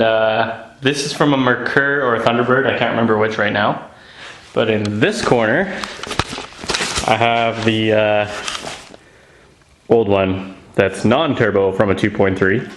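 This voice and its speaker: A man's voice: fairly low pitch, a little hiss or hum. A young man chatting casually and eagerly about his car project in his home garage, with lots of filler words.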